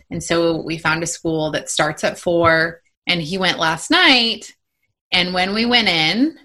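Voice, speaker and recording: A woman's voice: low-pitched, vocal fry, bright, forceful tone. A woman in her thirties hosting a motivational podcast for mothers, talking in a reassuring, encouraging way. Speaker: podcast host and mom coach.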